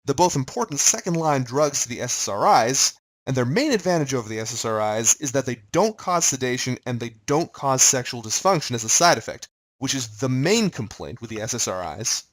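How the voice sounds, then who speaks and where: A man teaching a recorded pharmacology lesson in a casual, chatty manner. His pitch rises and falls in an animated way as he explains the material and puts quick questions to the listener. His voice sits in a middle register. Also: low-quality recording. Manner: lively, conversational, quizzes the listener. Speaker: lecturer.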